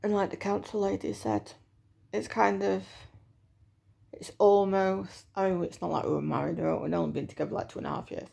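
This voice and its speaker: A woman's voice: mid-range voice, level tone, fairly quick, gravelly, dark tone, slightly rough. A woman in her thirties giving a chatty, hesitant personal vlog update with lots of fillers. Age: 30s. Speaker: vlogger.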